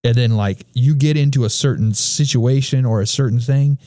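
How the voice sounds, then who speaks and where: A man with a mellow, relaxed tone shares personal faith stories on a church podcast. He talks earnestly, circling back to repeat his key phrases for emphasis. The recording is dry and close, with no room sound. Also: medium pitch, moderate pace, no echo. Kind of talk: conversational faith discussion.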